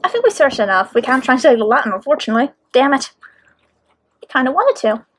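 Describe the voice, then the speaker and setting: A woman's voice: high-pitched, big pitch swings, fast. A young woman streaming a detective game from home, thinking aloud in a chatty, self-deprecating way. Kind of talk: casual let's-play commentary. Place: indoors at home, streaming at night.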